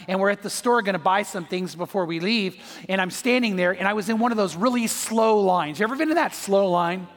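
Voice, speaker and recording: A male pastor delivers a sermon with a notably high, light voice. He tells a story and acts out the people in it. The voice rings with long reverb through a large church hall, with faint music underneath. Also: fairly bright tone.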